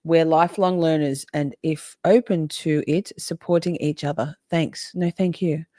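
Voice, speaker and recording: Woman, low voice, live-stream host, chatty and sweary, dry close mic. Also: steady tone, a little slow, warm tone, no echo. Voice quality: swears freely, emotional and chatty. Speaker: livestream host reading chat. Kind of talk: casual live-stream chat.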